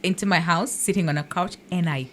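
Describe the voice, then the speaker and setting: A woman telling a personal story in a casual podcast chat, animated and laughing easily, mixing in slang. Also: lowish voice, brisk, a little hiss or hum. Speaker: podcast co-host.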